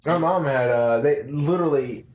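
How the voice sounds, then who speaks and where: A man's voice: fairly high pitch, normal speed. A man co-hosting a podcast, telling rambling stories in casual chat. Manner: rambling animated storyteller. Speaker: podcast co-host. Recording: roomy echo.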